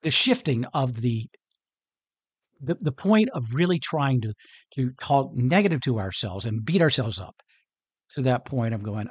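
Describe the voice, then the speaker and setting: A man's voice: medium pitch, animated, unhurried, slightly rough, no echo. A man hosting a motivational podcast on his own, talking earnestly and conversationally and chuckling often. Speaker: podcast host. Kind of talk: motivational solo podcast talk.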